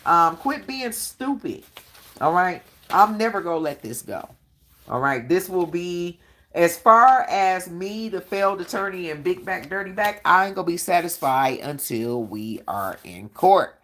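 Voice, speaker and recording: A woman's voice: on the low side, expressive, measured pace, fairly bright tone. A woman hosting a live-stream Q&A, talking bluntly and profanely in a combative tone and often asking "all right?". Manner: blunt, profane street talk. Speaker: channel host.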